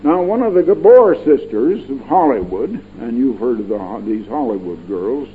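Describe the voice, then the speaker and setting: A man's voice: mid-range voice, expressive, moderate pace. Older man preaching a folksy radio sermon. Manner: folksy and digressive, emphatic, repeats words. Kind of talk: radio Bible-teaching sermon. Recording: tinny lo-fi radio broadcast with faint hum.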